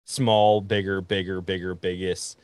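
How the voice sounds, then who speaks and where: A young man hosting a podcast, telling a story in casual conversation in an animated way and acting out the other people in it. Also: sits low, measured pace, smooth, dry recording. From Wisconsin. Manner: animated, acts out quoted voices. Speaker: podcast host.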